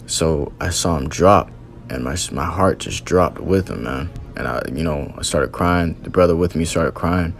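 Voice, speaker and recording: A man's voice: extremely low pitch, normal speed, gravelly, faint music behind. A man earnestly recounting a religious vision as a testimony, in loose storytelling with many fillers.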